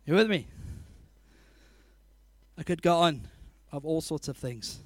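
A man preaching a sermon, telling animated stories, laughing often and acting out scenes. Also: a little high, slow pace, no room sound.

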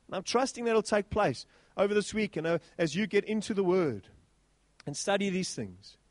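A high-pitched man delivers a sermon in church. He talks animatedly, calling out to the congregation. The sound is dry and close. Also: dry recording. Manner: animated, exclaiming, sweeping pitch swings. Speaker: pastor.

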